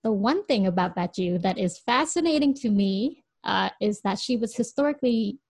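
A young American woman co-hosting a podcast, telling a story in an animated way and laughing often. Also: medium pitch, normal speed, no room sound. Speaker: podcast co-host. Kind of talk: casual chat.

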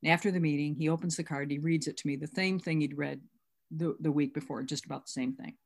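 A woman's voice: deep voice, fairly even intonation, fast, gravelly, a little mellow. A middle-aged woman at a recovery workshop, recounting a sponsorship story and acting out both sides of the dialogue. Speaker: workshop speaker.

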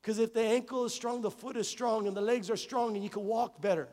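A man's voice: sits high, steady tone, brisk, a little mellow, long reverb tail. A male pastor preaching a conversational sermon to his congregation, repeating phrases and acting out little dialogues. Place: church sanctuary.

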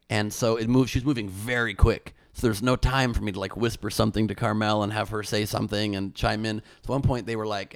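A man's voice: lowish voice, fairly even intonation, fast, vocal fry, hardly any pauses, no room sound, clean studio sound. A young man, a comedian and former candidate, telling a story in a casual interview, with many restarts.

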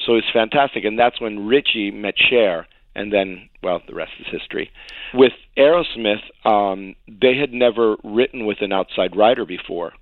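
A man, a songwriter guest in an interview, telling stories in an animated way, acting out quotes and laughing often. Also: lowish voice, moderate pace, no room sound. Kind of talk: storytelling interview. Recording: tinny phone-like dry sound.

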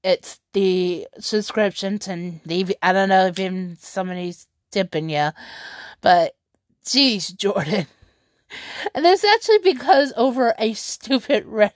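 A woman rambles through an excitable vlog commentary, breaking into laughter and restarting her sentences as she goes. She talks at an unhurried, drawn-out pace. The recording is dry and close, with no room sound. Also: mid-range voice, no echo. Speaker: streaming commentator.

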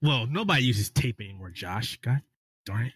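Husky-voiced man joking on a podcast. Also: medium pitch, animated, moderate pace, fairly bright tone, no room sound. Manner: joking, sarcastic banter. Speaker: podcast co-host, editor-in-chief. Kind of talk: casual gaming podcast chat.

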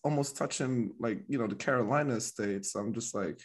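A man's voice: mid-range voice, animated, moderate pace, fairly bright tone. Rambling, laughing male podcast host. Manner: laughing, filler-heavy, rambling. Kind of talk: casual chat.

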